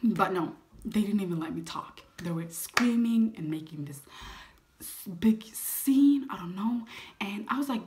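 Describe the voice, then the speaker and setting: An eighteen-year-old woman vlogger telling a dramatic story, lively, with frequent whispered asides. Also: medium pitch, measured pace. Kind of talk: storytime vlog.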